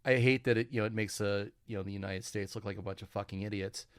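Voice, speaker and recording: A man co-hosting a podcast in casual political chat, halting and restarting often as he swears his way through his points. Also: fairly low pitch, fairly even intonation, smooth, no echo, clean studio sound. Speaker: podcast co-host.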